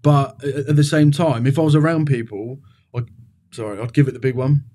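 A quick-talking man with a dark, mellow voice, speaking as a guest on a podcast. He is frank and confessional and swears freely as he tells his own story. His talk is rough and unpolished, never guarded. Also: mid-range voice, steady tone. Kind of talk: candid interview storytelling.

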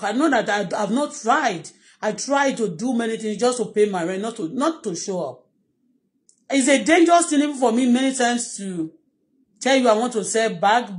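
Middle-aged Nigerian-accented woman, personal vlog, pleading and repetitive, slightly high voice. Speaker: vlogger.

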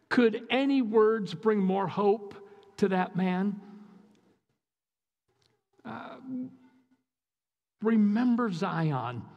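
An Upper Midwest American man preaching a sermon in a high, gravelly voice, taking it slow. He sounds earnest and emphatic and repeats himself for weight. The voice rings out with a long hall reverb. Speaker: guest preacher. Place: church sanctuary.

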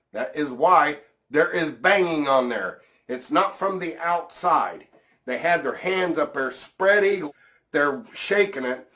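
A man casually explaining and demonstrating an encounter at his trailer in plain, rough-edged talk. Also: a little high, a bit bright, no room sound. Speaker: guest recounting an encounter.

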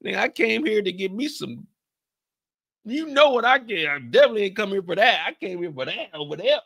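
A young man from the Bay Area hosting a casual TV recap, talking in an animated, profane way. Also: high voice, a little fast, vocal fry. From San Francisco Bay Area. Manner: animated, profane, acts out scenes with shouted put-on lines. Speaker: recap show host.

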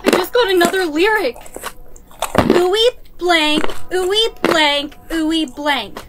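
A very high, flat text-to-speech voice of a woman plays a panicky young woman stuck in a deadly lyric game. The delivery is mechanical and even. Loud noise runs under the whole recording. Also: takes it slowly. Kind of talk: text-to-speech skit voice-over.

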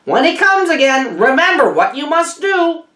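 A woman voicing an excited parrot who rallies the jungle animals, with shrill squawking calls. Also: normal speed, echoey room, exaggerated voice. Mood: wise.

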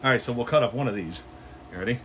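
This grill show host, a man with a medium-pitched, slightly bright voice, races along while cooking on a casual livestream from his outdoor backyard grilling area. Upbeat and full of jokes, he chats with viewers, and there's slight background noise.

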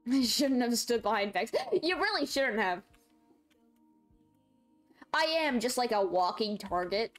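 Young woman streaming a game, kinda high voice, faint music under it, chatty and giggly. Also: expressive, slow, pauses often. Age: young adult. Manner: chatty, laughs a lot, reads chat aloud. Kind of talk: casual gaming stream chat.

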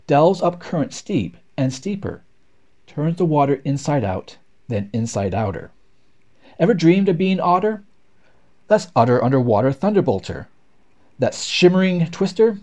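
A man reads nature poems aloud with rhythmic, expressive delivery. His mellow, dark tone rises and falls in lively swings. The pace follows the beat of the verse. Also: mid-range voice, measured pace. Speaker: reader. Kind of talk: poetry read aloud.

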